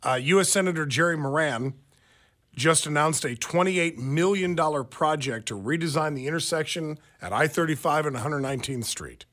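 A man's voice: fairly high pitch, moderate pace, a bit bright. A man co-hosting a radio talk show, telling stories animatedly with plenty of fillers and restarts. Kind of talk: casual talk radio banter.

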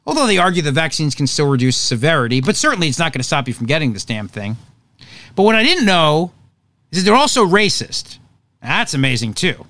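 A man's voice: on the high side, brisk, dry recording. A man hosting a talk radio show, delivering an opinionated monologue with sarcastic jokes and asides. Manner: sarcastic, animated, jokey asides.

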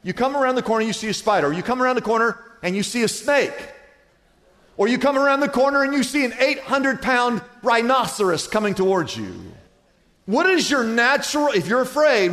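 A middle-aged man preaching a sermon as pastor, telling a story in a lively, animated way. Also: high voice. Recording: long reverb of a large hall.

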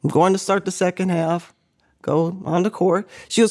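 An older woman and former basketball player telling stories as a podcast guest, animated and laughing, acting out what people said. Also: on the low side, normal speed. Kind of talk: casual storytelling interview.

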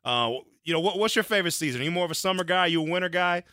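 A man's voice: sits high, animated, very fast, pushed and bright, no echo, studio quality. A man hosting a radio show in casual chat, chatty and laughing along.

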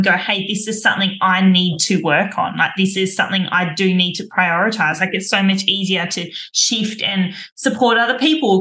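A woman host with a bright, forceful voice chats reflectively, agreeing readily and building on her guest's points. The room around her rings with a clear echo. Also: medium pitch. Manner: agreeable, reflective, lots of affirming "yeah". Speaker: podcast host. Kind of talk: casual podcast conversation. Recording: roomy echo.

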